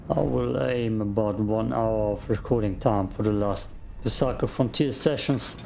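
A man giving calm, slow gameplay commentary, thinking out loud, with a gravelly morning voice. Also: lowish voice, a little hiss or hum. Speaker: game streamer.

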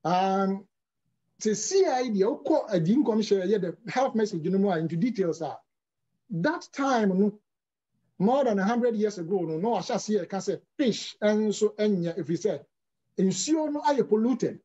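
High-voiced man explaining health questions. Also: lively intonation, a little slow, mellow, lo-fi sound. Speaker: health speaker answering questions. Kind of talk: explanatory talk with English terms.

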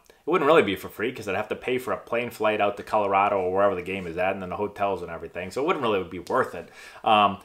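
A man's voice: medium pitch, fairly bright tone. A man in his thirties, a former pro ballplayer and coach, talking casually to his viewers in a rambling way, with lots of fillers and restarts. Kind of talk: casual vlog talk to camera.

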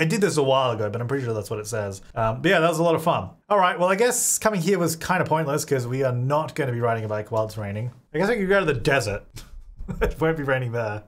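A young man hosting a life-sim let's play, chatty and laughing often as he plays. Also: fairly high pitch. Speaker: gaming channel host.

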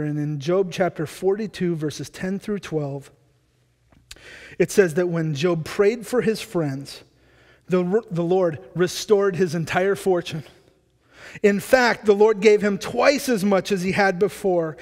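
A male pastor preaching a sermon in a church, energetic and conversational, often restarting his words. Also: high voice, slow. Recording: long church hall reverb.

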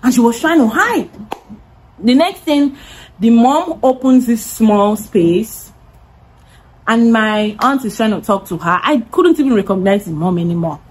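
A young woman telling a lively storytime vlog, acting out the voices of the people in it. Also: on the high side, unhurried, breathy edge, poor audio. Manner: animated, acts out quoted voices. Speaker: content creator.

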